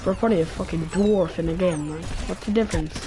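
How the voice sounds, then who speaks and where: A woman's voice: fairly low pitch, fast. A woman streaming a game live, giving foul-mouthed trash-talking commentary as she plays.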